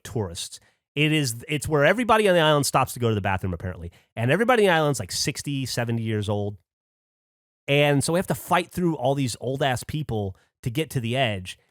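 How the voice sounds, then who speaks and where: A podcast host tells a story in a loose, animated way, swearing often and acting out what people said. His voice sits in the mid-range, and the recording is studio quality with no room sound.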